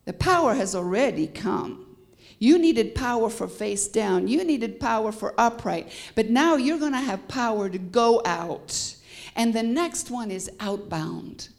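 A woman's voice: on the high side, expressive, unhurried, creaky, darkish tone. A woman from Canada with a Canadian accent, a guest preacher delivering a sermon with emphatic rising peaks and bits of humor.

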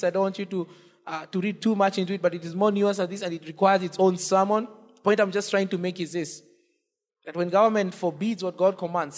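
Man, pastor, high-pitched, impassioned sermon, long church reverb. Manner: impassioned preaching, rising on repeated cries.

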